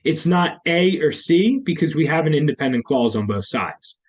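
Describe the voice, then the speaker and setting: A man's voice: fairly high pitch, animated, moderate pace, dull audio. A male test prep teacher explaining grammar questions in a recorded lesson, repeating key terms as he goes. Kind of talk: screen-recorded lesson walkthrough.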